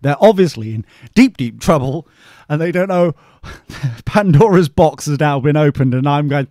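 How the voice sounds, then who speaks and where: A man's voice: fairly high pitch, moderate pace, a little mellow, no echo, clean studio sound. A man hosting a podcast, rambling through a comic story with sarcastic asides to the listener. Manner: chatty, self-mocking, sarcastic asides to the listener. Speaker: podcast host.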